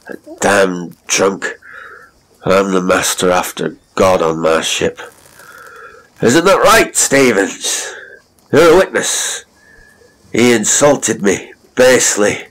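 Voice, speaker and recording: A man's voice: sits low, flat delivery, takes it slowly, a bit bright, heavily acted, rough recording. A man voicing a drunken, blustering old sea captain who slurs his indignant protests.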